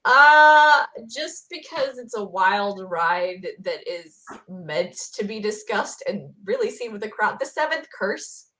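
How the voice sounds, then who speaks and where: A woman guest on a podcast in casual chat, playful and excitable. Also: medium pitch, takes it slowly, hardly any pauses.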